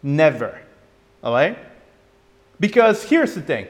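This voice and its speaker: A young man from France tells a personal story on his podcast, often repeating words and acting out what others said to him. His voice sits slightly high and rises and falls in lively swings. The recording carries a long, hall-like reverb. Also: slow. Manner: animated, repeats words, acts out quoted lines. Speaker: podcast host.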